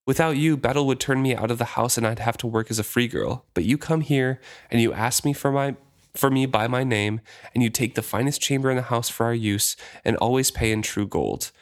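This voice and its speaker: A man reading aloud as a weary, bitter young courtesan who speaks in a quiet, flat, pleading voice. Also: medium pitch, brisk, lightly acted.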